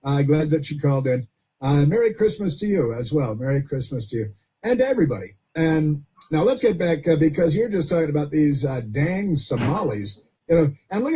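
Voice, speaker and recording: A man's voice: on the high side, dark tone, slightly rough. A man hosting a political call-in radio show, chatty, chuckling and often repeating himself. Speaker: radio talk show host.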